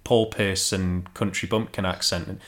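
A man co-hosting a casual book chat, talking in an animated way with lots of fillers. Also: deep voice, unhurried. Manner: animated, filler-heavy, jumps into voices. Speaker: podcast co-host.

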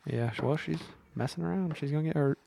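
A man's voice: a little high, fast, vocal fry, crowd noise. Young man with dry, teasing asides. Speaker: podcast co-host. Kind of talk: casual chat.

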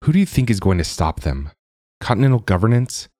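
A man's voice: on the low side, very animated, fairly quick, a little mellow, dry recording, voice pushed up. A man doing an anxious pleading daughter. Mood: pressing. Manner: pleading, fearful. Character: worried adult daughter, pleading.

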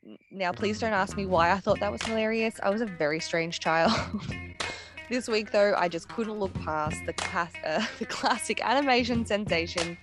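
A woman's voice: mid-range voice, normal speed. A woman in her thirties hosting a podcast, chatty and self-mocking, reading a scripted monologue with frequent giggles. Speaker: podcast host. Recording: music bed behind the voice.

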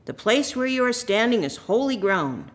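A woman's voice: on the high side, sing-song, normal speed. A woman voicing God speaking from a burning bush in a children's Bible story, commanding and solemn. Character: booming divine voice from burning bush.

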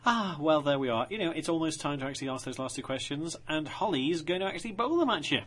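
A man's voice: on the high side, animated, fast talker, fairly bright tone. A man presenting a community radio show, chatty and jokey with guests and co-host. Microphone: studio microphone.

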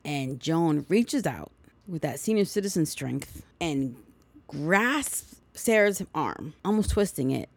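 A woman's voice: sits low, animated, slow, no echo. A woman hosting a podcast, recapping a movie in a chatty way with sarcastic asides. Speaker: podcast host.

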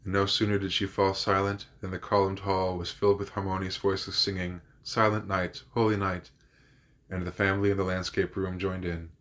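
A man who hosts a podcast, reading a classic novel aloud in a steady, measured narration. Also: low voice. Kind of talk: audiobook narration.

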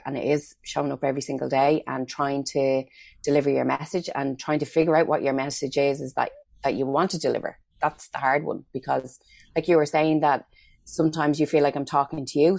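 A woman's voice: a bass voice, creaky, darkish tone, no echo. A middle-aged Irish woman, a makeup artist, chatting as an interview guest and telling stories with acted-out quotes. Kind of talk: casual interview chat.

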